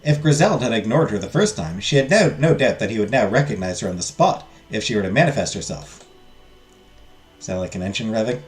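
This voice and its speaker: A man's voice: on the low side, lively intonation, a little fast, soft background music. A man hosting a let's play, reading a game's text aloud and joking with viewers in casual asides.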